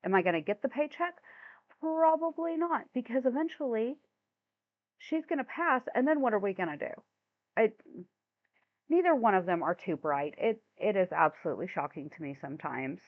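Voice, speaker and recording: A woman's voice: a little high, expressive, moderate pace, no echo. A woman hosting a reaction commentary, sounding exasperated and incredulous, stumbling over her words when flustered. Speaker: commentary channel host. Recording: thin phone-like dry sound.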